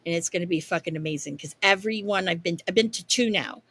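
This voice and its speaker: A woman co-hosting a wrestling podcast, chatting casually with lots of swearing and rambling, animated stories. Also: fairly low pitch, quick pace, slightly rough. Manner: profane, rambling, animated storytelling. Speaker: podcast co-host.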